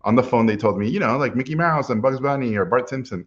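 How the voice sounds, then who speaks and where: A middle-aged man, an animation director, telling stories from his life in an animated way, often chuckling as he talks. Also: mid-range voice, fast talker. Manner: animated storyteller, chuckles while telling anecdotes. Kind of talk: personal storytelling talk. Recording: dull lo-fi recording.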